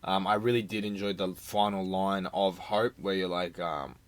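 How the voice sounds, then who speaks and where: A man's voice: deep voice, steady tone, normal speed. A young man co-hosting a podcast album review, talking hesitantly with many "um"s. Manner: hesitant, with frequent "um" and "uh" between thoughts. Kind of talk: casual podcast chat.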